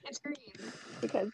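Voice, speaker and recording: A woman's voice: warm tone, slight background noise. A tired woman player chatting casually and giggling. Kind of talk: casual chat.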